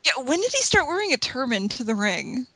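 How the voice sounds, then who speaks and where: A woman's voice: sits high, sing-song, fairly quick, fairly bright tone, dry recording, rough recording. A woman co-hosting a podcast, blunt and sweary in casual chat. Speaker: podcast co-host.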